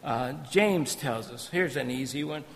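A man preaching a sermon in a church, animated and storytelling with joking asides. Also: mid-range voice, unhurried, in a large hall. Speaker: visiting missionary preacher. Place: church sanctuary.

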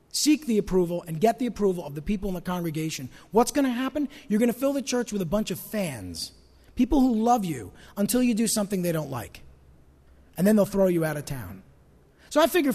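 A male pastor preaching a sermon, asking his congregation rhetorical questions and swinging between loud emphasis and hushed asides. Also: sits high, big-room sound.

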